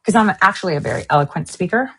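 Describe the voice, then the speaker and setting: A woman hosting an online news stream, ranting angrily and with lots of profanity, swinging between sharp outbursts and low mutters. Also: animated, very fast, breathy edge. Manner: profane, heated, jumps between shouting and muttering. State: extremely angry. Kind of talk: angry livestream rant.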